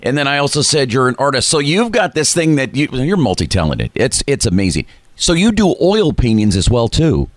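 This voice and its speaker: A male radio host with a mid-pitched voice talks in an easygoing, loose way, full of little fillers. His voice sounds close and dry, with no room around it. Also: big pitch swings, a little fast, no room sound. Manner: easygoing, filler-heavy patter. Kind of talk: radio interview.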